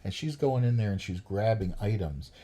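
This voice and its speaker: A man's voice: lowish voice, animated, moderate pace, mellow. A man, a podcast guest telling stories in a profane, ranting way. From New York. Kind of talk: storytelling chat.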